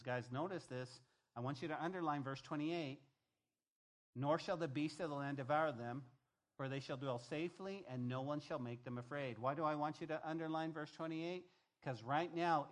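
An older man preaching a sermon, reading scripture aloud and breaking off into conversational asides and stories for his congregation. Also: mid-range voice. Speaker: pastor.

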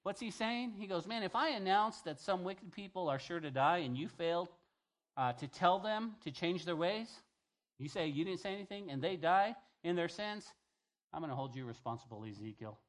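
A man's voice: sits high, moderate pace. Man, pastor, conversational sermon, scripture reading, casual paraphrase. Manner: conversational preaching, reads scripture aloud and paraphrases it.

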